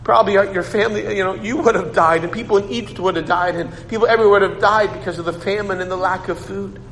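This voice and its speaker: High-voiced male preacher in an echoing hall. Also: fairly even intonation, fast talker, a bit bright. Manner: storytelling with frequent repeated words and restarts. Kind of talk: sermon, retelling a Bible story. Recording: long hall reverb, faint noise.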